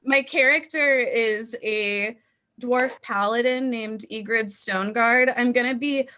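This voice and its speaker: A woman's voice: a little high, measured pace, sharp tone. A woman introducing herself as a streamer and player, laid-back and making light of herself. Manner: laid-back, self-deprecating. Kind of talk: casual chat.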